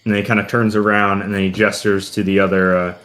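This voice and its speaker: Deep-voiced man running a tabletop game. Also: level tone, fast talker, fairly bright tone. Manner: rambling, heavy on "kinda" and "uh". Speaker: game master.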